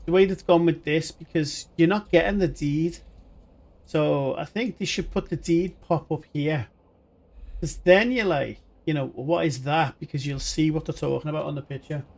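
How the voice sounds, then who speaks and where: Gravelly man streaming a game. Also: a little high, moderate pace. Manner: rambling, chatty, talks to chat viewers. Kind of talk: live gaming stream commentary.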